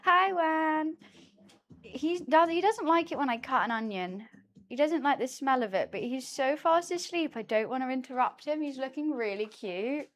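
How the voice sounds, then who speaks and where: A woman's voice: high-pitched, lively intonation, moderate pace, fairly bright tone, a little hiss or hum. A woman streaming as she cooks in her home kitchen, chatting casually, laughing often and cooing to her cat. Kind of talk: casual chat while cooking on stream.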